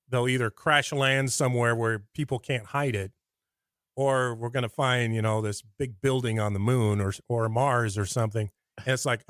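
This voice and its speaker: A middle-aged man with an American Midwest accent, a radio personality telling rambling, animated stories in a conversational interview. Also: medium pitch, dry recording, studio quality. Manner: rambling, animated anecdotes with acted-out quotes. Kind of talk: conversational storytelling.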